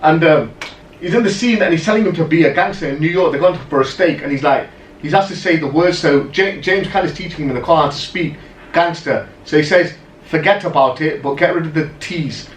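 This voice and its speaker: A man co-hosting a podcast, telling stories in casual, animated chat full of "right?" asides. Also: fairly high pitch, fairly quick, far from the mic. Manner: animated storyteller, lots of "right?" and "yeah?" asides. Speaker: podcast co-host. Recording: roomy echo, off-mic, faint noise.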